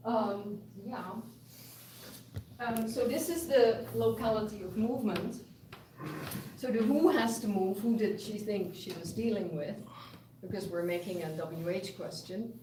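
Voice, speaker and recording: A woman's voice: mid-range voice, dark tone, a little hiss or hum. A woman giving a university linguistics lecture, explaining patiently with examples and frequent restarts. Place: lecture room. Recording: echoey room, mic far off.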